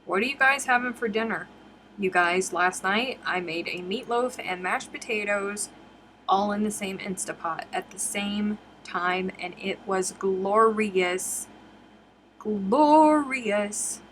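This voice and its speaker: A woman's voice: mid-range voice, measured pace, bright, forceful tone, a little hiss or hum. A woman hosting a casual crochet live stream from home, chatting and reading viewer comments aloud.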